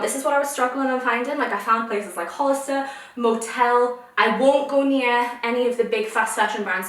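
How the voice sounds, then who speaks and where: A woman's voice: fairly high pitch, a bit bright, distant mic, slight background noise. A young woman vlogging a try-on haul, ranting in an exasperated way. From United Kingdom. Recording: echoey room, voice a little off mic.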